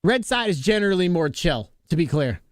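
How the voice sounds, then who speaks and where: A man's voice: fairly high pitch, sing-song, fairly quick, no echo, clean studio sound. A male streamer chatting casually with viewers, joking around, laughing often and greeting chatters by name.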